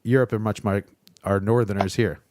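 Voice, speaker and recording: A man from Kentucky with a Kentucky accent hosts a podcast, chatting in an easygoing way and laughing easily. His voice is fairly low, fairly even in intonation, brisk, and a little mellow, with slight background noise.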